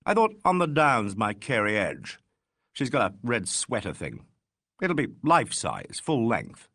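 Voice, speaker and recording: A man's voice: mid-range voice, huge pitch swings, measured pace, pushed and bright, no room sound, full character voice. A man voicing a dry, understated painter in a mystery audiobook. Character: dry, laconic male painter.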